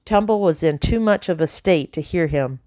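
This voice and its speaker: Brief: woman audiobook narrator, lower voice, dry close sound, animated storytelling. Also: moderate pace, dry recording. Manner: lively, voices the characters. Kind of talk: scripted narration.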